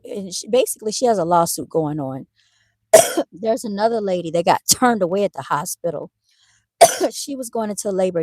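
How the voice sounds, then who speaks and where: A woman's voice: mid-range voice, darkish tone, no echo. A middle-aged woman, ranting in a casual live stream and talking straight to her viewers. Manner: talks straight to viewers, says y'all. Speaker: vlogger.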